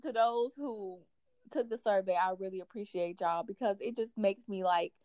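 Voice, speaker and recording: A young adult woman hosting a casual chat, telling stories in an animated way with plenty of "like". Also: medium pitch, normal speed, dry recording. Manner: animated storyteller, fills talk with "like". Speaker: podcast host.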